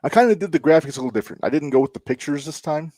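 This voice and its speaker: A man's voice: fairly high pitch, animated, rapid-fire, dark tone, no echo, studio quality. A man co-hosting a casual wrestling podcast, joking and chatting loosely as he runs through the segments. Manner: joking, talks to himself while working. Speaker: podcast co-host.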